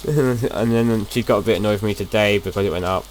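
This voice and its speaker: A man's voice: lowish voice, brisk, a little hiss or hum. A young man casually talking through his gameplay as a video host, rambling and chatty, often restarting his sentences.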